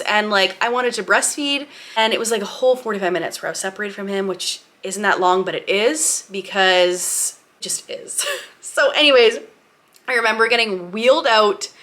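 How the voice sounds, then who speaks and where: A woman's voice: fairly high pitch, bright, forceful tone. A young woman telling a personal story in a casual, emotional way, with many "like"s. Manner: casual, emotional, says "like" often. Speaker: vlogger.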